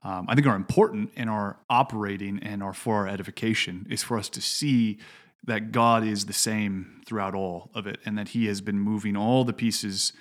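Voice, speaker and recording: A man's voice: fairly low pitch, fairly even intonation, normal speed. A middle-aged man, a preacher, talks through a Bible passage in a casual discussion, thinking aloud with frequent fillers and restarts. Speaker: preacher discussing his sermon.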